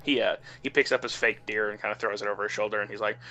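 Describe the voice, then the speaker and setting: A man narrates a tabletop game as game master, in a loose, chatty way. His voice is bright and forward, and faint music runs underneath. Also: lowish voice, steady tone, rapid-fire, lo-fi sound.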